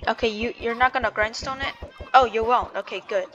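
A woman's voice: a little high, fairly even intonation, fairly quick, fairly bright tone, highs cut off. A woman giving casual gameplay commentary, chatty and full of "like" and restarts. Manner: chatty, hedging with "like", self-interrupting. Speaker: gamer and video creator.

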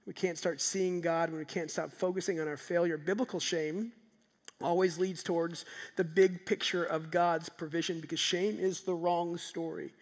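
High-voiced preacher in a reverberant hall. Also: male voice, gravelly. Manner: animated, rising to loud emphatic peaks then dropping soft. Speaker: pastor. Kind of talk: sermon. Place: church sanctuary.

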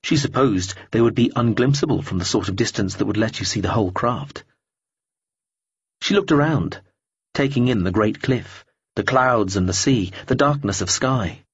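A man narrating an audiobook in a measured, even reading, in a dull lo-fi recording. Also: on the low side, husky, dry recording.

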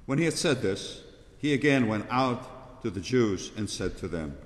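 A man with a fairly low voice narrates the Passion in a steady liturgical reading. His words carry through a large church, where a long, ringing reverb trails after each phrase. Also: moderate pace.

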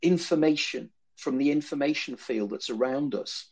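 Male guest speaker, mid-pitched, discursive, lecture-style answers to a live room. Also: normal speed, darkish tone, breathy edge. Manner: discursive, repeats words when thinking.

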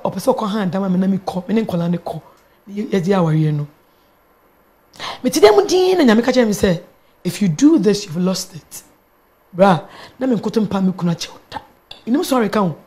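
A middle-aged woman with a Ghanaian accent, a pastor sharing a personal testimony in an animated storytelling manner, switching between English and Twi. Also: medium pitch. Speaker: pastor and guest.

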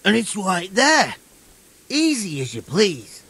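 An actor playing a dim, good-natured young village man in a video game, husky and sheepish. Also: sits high, huge pitch swings, slow pace, fairly bright tone, exaggerated voice.

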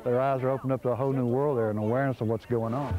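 A man's voice: mid-range voice, steady tone, racing, highs cut off, over a noisy crowd. A man, earnestly explaining a creek education program in an interview, with frequent restarts. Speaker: program organizer. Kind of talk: documentary interview.

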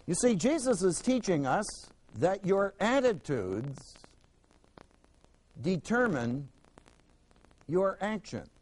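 A man teaching scripture to a classroom, his voice pitched high for a man and swinging widely up and down. He hammers key words through repetition and keeps tossing questions to his students. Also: big pitch swings, takes it slowly, pauses often, a little mellow, poor audio. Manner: emphatic, rhetorical questions, repeats words for stress. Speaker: Bible teacher. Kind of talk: classroom Bible lesson.

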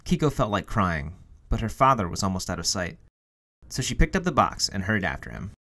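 Animated storytelling man. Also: on the low side, a little fast. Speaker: storytime reader. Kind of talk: children's picture-book read-aloud.

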